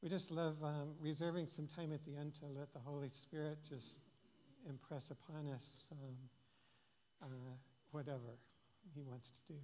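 A man preaching a reflective sermon in a church, speaking haltingly with many fillers. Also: on the high side, level tone, a little mellow. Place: church sanctuary. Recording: long reverb of a church hall.

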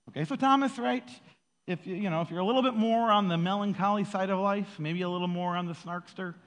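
Casual male preacher, expressive and playful, reverberant hall sound. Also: high voice, fast. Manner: animated, acts out quoted voices, laughs often. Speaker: pastor. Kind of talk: casual sermon.

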